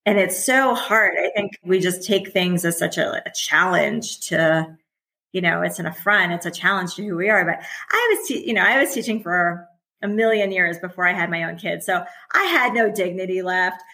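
A woman's voice: on the low side, normal speed, sharp tone, poor audio. A woman in her forties, a former teacher and parent, talking candidly as a podcast guest, chatty and often laughing. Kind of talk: casual conversational interview.

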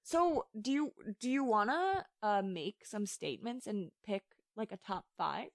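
A woman's voice: mid-range voice, expressive, measured pace, gravelly, dry recording, studio quality. A young woman co-hosting a podcast, chatting casually with lots of "like" fillers and a playful tone. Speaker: podcast co-host. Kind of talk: casual chat.

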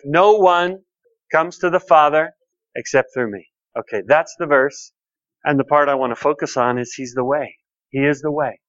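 Male pastor, slightly raised pitch, folksy storytelling sermon, dry close sound. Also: dry recording, lo-fi sound. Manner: folksy, repeats key phrases, tells personal stories. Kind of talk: conversational sermon.

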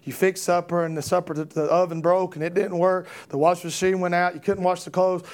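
A man preaching an impassioned sermon, repeating rhetorical questions and building to shouts. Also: high-pitched, level tone, fairly quick.

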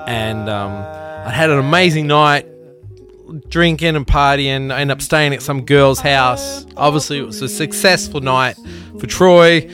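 A man's voice: mid-range voice, a little slow, over music. A man hosting a podcast, giving a rambling, profane, earnest pep talk and telling a story. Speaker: podcast host. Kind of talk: casual pep talk and anecdote.

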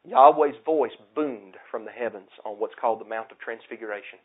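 A man's voice: medium pitch, fairly quick, slightly rough. Impassioned preacher man on a tinny line. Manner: impassioned, repetitive, swings from loud to hushed. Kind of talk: sermon. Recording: tinny phone-like sound.

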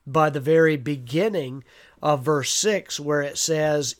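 A man with a voice on the high side preaches a devotional sermon at a measured pace. Earnest, he reads scripture aloud with emphasis, often using "uh" fillers and repeating words.

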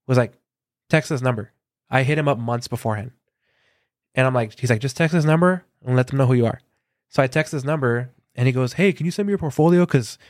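A man from Southern California, a concert photographer, telling lively anecdotes in a casual interview and acting out quoted dialogue, with a lot of filler words. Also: mid-range voice, no echo, studio quality.

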